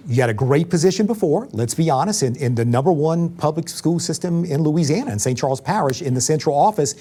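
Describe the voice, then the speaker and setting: A man's voice: a little high, expressive, fast, warm tone. A man interviewing a new school principal in a friendly, conversational way. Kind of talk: interview host.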